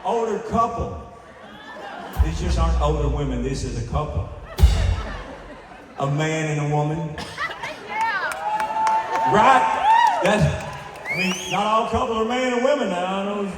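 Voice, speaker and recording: A man's voice: sits high, expressive, a little slow, long pauses, a crowd in the background, noisy background. An older man telling rambling, self-interrupting jokes in a live stand-up set. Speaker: country singer doing stand-up between songs. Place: large indoor theater stage. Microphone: stage microphone through PA. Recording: echoey live hall recorded from far off. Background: audience laughter and music.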